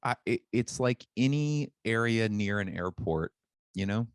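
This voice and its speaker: Podcast co-host, deep dry-voiced man, rambling deadpan storyteller, remote-call sound. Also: a little slow, clear, resonant tone, no echo. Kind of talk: casual chat.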